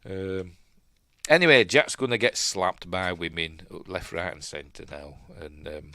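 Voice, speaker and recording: A film reviewer and channel host from Yorkshire, England, chats casually through a film as he watches it, rambling and drifting into tangents in his Yorkshire accent. His voice is low, pushed and bright, delivered at a measured pace with no room sound.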